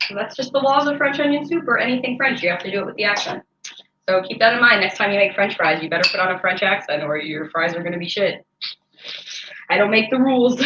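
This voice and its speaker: A woman's voice: mid-range voice, moderate pace, fairly bright tone, a little hiss or hum. A woman hosting a cooking show, chatting casually and joking as she works through a recipe in her home kitchen, with a lot of "like" in her speech. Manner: chatty, jokey, peppered with "like". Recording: echoey, slightly dull home recording.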